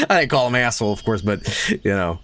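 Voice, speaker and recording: A man's voice: fairly low pitch, fairly bright tone. A young man streaming a game and chatting casually, telling rambling stories with stammers and swearing. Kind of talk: casual livestream chat while gaming.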